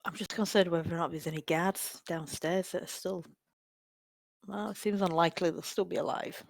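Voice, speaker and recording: A woman's voice: fairly low pitch, steady tone, normal speed, vocal fry, dry recording. A woman playing in an online tabletop game, making wry, amused remarks. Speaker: player. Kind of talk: casual chat over a tabletop game.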